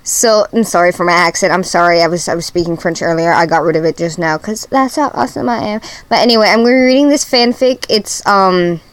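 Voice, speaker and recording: A woman's voice: lowish voice, fast talker, hardly any pauses, dry recording. A tired woman casually reading fan fiction aloud, rambling and breaking off into asides. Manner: rambling, sleepy, self-interrupting asides. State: sleep-deprived. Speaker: fanfic reader.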